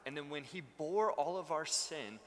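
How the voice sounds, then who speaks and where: Bright-voiced male preacher in a hall. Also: fairly high pitch, normal speed. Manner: conversational storytelling with bursts of emphasis. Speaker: pastor. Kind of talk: sermon.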